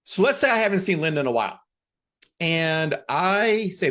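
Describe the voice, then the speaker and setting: Animated, emphatic male podcast host. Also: fairly high pitch, moderate pace. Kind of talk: motivational talk with storytelling.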